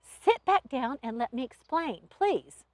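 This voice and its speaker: A female storyteller voices an earnest young angel in training who speaks with a Southern accent, pleading and apologizing. Her high voice moves through wide swings in every line, delivered slowly and expressively. The recording is close and dry, with no room sound.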